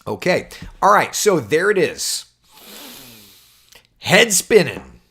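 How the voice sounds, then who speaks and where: A man's voice: high-pitched, slow pace, a little hiss or hum. A man, a TV meteorologist, chatting casually on a livestream and answering viewer questions. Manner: chatty, animated, reads viewer comments aloud.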